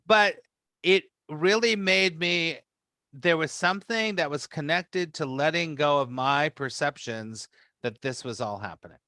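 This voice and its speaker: A man leading a spiritual meeting, telling a personal story in a rambling, animated way, acting out his own reactions. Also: fairly high pitch, a little slow, no echo, studio quality. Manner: rambling with frequent restarts. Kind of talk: casual storytelling to a group.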